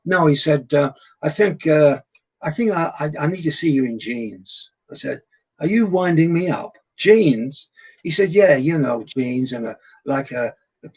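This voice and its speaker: Older English entertainer, husky, raconteur who acts out his anecdotes. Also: a little high, poor audio. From England. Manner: animated storyteller, acts out quoted voices. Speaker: guest entertainer. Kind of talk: anecdotal chat.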